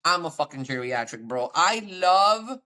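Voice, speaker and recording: A brash, joking woman chats on a podcast in a bright, forceful voice. She swears easily and drops Spanish phrases into her English. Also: low-pitched, big pitch swings, unhurried. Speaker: podcast co-host and comedian. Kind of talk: casual chat.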